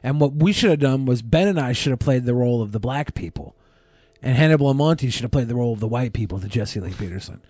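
A man's voice: mid-range voice, animated, quick pace, dark tone, no echo. A man co-hosting a podcast, telling stories in a mocking, rambling way. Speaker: podcast co-host. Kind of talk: casual chat.

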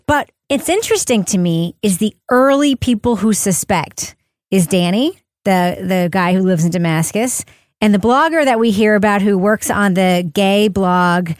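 A woman's voice: medium pitch, animated, moderate pace, no echo. Woman, podcast host, guiding casual chat, dry close sound. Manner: steers the discussion, often checks with "right?".

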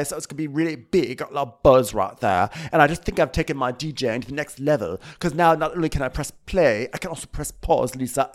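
A man's voice: medium pitch, lightly acted. A man putting on a cocky reality-show man bragging about how good he has gotten.

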